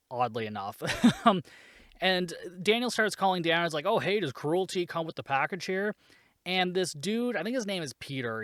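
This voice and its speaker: A man's voice: medium pitch, fairly bright tone, clear, resonant tone, dry recording. Male podcast host, mid-range voice, sarcastic and profane, dry booth sound. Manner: sarcastic, swears freely, laughs at the plot. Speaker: podcast host reviewing a movie. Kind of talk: casual solo recap.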